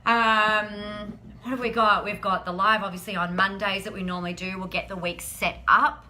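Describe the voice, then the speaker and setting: A woman's voice: medium pitch, level tone, normal speed, sharp tone. A woman hosting a live stream, chatting in an upbeat, encouraging way and often saying "like". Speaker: host of a weekly live business show. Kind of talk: casual live-stream chat.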